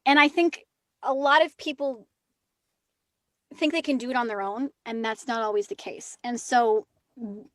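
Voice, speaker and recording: A woman actress talking as a guest in a casual interview, chatty and lively with quick asides. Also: fairly high pitch, dry recording.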